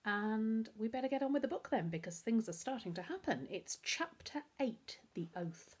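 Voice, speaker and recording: A woman, a primary school teacher reading a children's novel aloud with expressive storytelling. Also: fairly low pitch, normal speed, few pauses, slightly rough.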